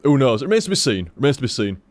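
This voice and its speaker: A man's voice: mid-range voice, very animated, rapid-fire. A man chatting casually on a game stream, rambling and swearing, tripping over his words.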